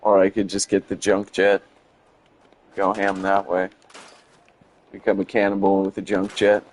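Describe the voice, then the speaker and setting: A man's voice: low voice, completely flat delivery, unhurried, a little hiss or hum, low-quality recording. A man streaming a game, chatting loosely with lots of fillers and rambling asides. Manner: rambling, many fillers, chuckling. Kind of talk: casual gameplay commentary.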